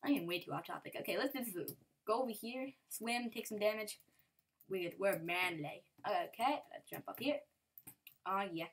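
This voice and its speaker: A woman's voice: medium pitch, moderate pace, breathy edge. Giggly woman rambling over gameplay. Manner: giggly, rambling, playful with silly sing-song bits. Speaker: gameplay commentator. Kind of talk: casual game commentary.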